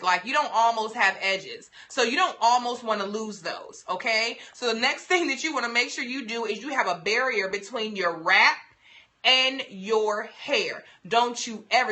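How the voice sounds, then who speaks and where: A woman's voice: on the high side, sharp tone. A young woman hosting a casual livestream, giving beauty tips in a sassy, playful, emphatic way.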